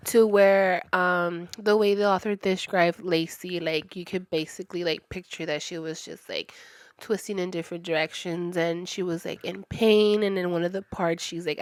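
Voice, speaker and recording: A woman's voice: on the low side, no room sound. Woman in her thirties, casual book review chat, chatty, filler-heavy, dry close sound. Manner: chatty, many "like" fillers, lively retelling. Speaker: book reviewer, channel host.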